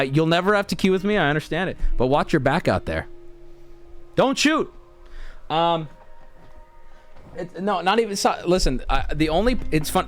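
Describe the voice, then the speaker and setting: An American man chatting on a live stream in a loose, rambling way, drifting between topics and circling back on himself. His pitch sits at an ordinary middle range, and faint music plays behind him. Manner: rambling, laid-back, often restarts and laughs mid-sentence. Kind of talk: casual stream chat.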